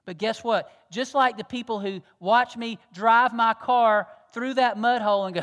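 A man preaching a sermon as pastor, earnest and pleading, moving from loud exhortation to hushed tones. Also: high-pitched, moderate pace, few pauses. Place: church sanctuary. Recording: long reverb of a church hall.

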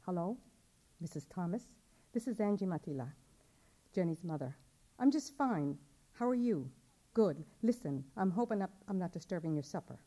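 A woman's voice: fairly low pitch, lively intonation, moderate pace, pauses often, mellow. A woman voicing a worried young mother asking around for her missing daughter, polite and pleading. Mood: anxious. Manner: anxious, polite, pleading questions.

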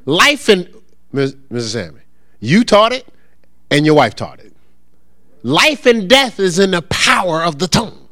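In a dry, clean studio recording, a pastor with a high, pushed and bright voice teaches an interactive sermon, unhurried and pausing often yet very animated. He asks the congregation to answer him, jokes around and acts out quoted voices.

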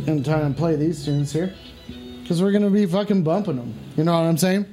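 A man hosting a livestream from home with rowdy, profane banter, shouting catchphrases at the camera. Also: on the high side, brisk, over music. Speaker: livestream host.

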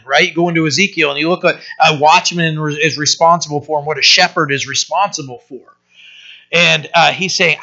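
A man's voice: on the high side, brisk, vocal fry, bright, forceful tone, muffled recording. A man preaching a sermon as pastor, earnest and plain-spoken, often restarting with fillers.

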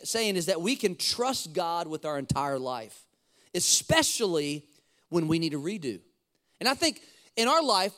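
A man with a high voice preaches to a church congregation. He presses his points with emphasis and repeats key lines. He often asks the listeners to say phrases back to him, and he slows down to read scripture. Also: fairly bright tone. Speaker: pastor. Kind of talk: sermon. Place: church sanctuary.

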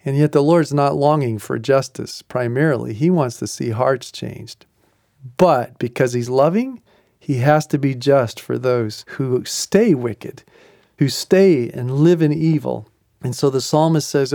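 A man's voice: a little slow, no echo, clean studio sound. A middle-aged man preaching a sermon, animatedly voicing the psalmist's complaints and questions. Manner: animated, voicing the psalmist's protests with rising pitch. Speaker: pastor.

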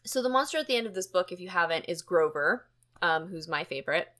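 A woman hosting a podcast in casual chat, animated and chatty with plenty of fillers. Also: fairly low pitch, fast. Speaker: podcast host.

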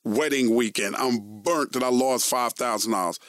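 A man, telling stories as a guest in a casual interview, animated and swearing freely. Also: mid-range voice, moderate pace, no room sound, clean studio sound. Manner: profane, animated storyteller. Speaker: guest, veteran radio and TV host.

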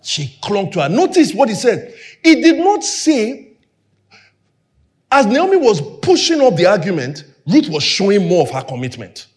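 A man's voice: high-pitched, moderate pace. A young man preaching a sermon, acting out quoted dialogue and dropping to near whispers for emphasis. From Nigeria. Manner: animated, acts out quoted dialogue. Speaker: pastor.

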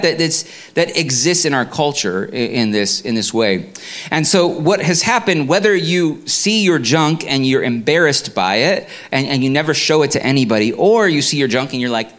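A man's voice: mid-range voice, lively intonation, normal speed, fairly bright tone. A man preaching a sermon in a conversational way, full of restarts and fillers. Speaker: pastor.

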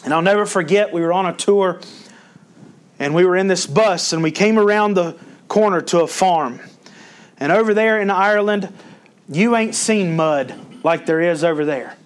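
A man's voice: high voice, normal speed, smooth. A male pastor preaching a sermon, folksy and storytelling, rising in emphasis when he quotes scripture.

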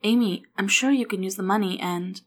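A woman's voice: medium pitch, fairly quick, close to an everyday voice. A woman reading as a flustered stammering mother. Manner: stammering, a little raised.

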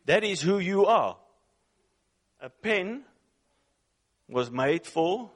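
Emphatic preacher with a slightly high voice. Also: male voice, lively intonation, drawn-out words, long pauses. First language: not English. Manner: emphatic, repeats phrases, asks the audience questions. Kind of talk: sermon.

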